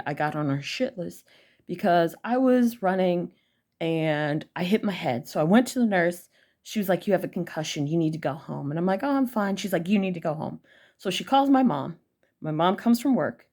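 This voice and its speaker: A woman's voice: on the low side, a little mellow. A young woman telling an angry personal story to her viewers, blunt, heated and full of swearing. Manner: blunt, profane and heated, addressing viewers directly. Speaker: vlogger.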